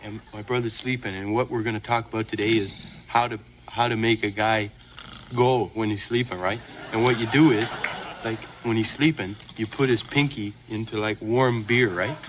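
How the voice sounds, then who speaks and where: A man's voice: on the low side, steady tone, normal speed, noisy background, close to an everyday voice. An actor playing a dopey Canadian man hosting a sketch-comedy TV spot, with a laid-back drawl that keeps ending lines on 'eh' and 'right', in a Canadian accent. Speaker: sketch comedy host character.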